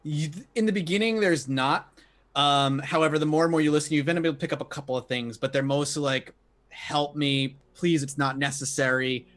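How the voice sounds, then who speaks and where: A man's voice: fairly high pitch, fast, fairly bright tone. A man narrating as game master of a tabletop role-playing game, laid-back and chuckling.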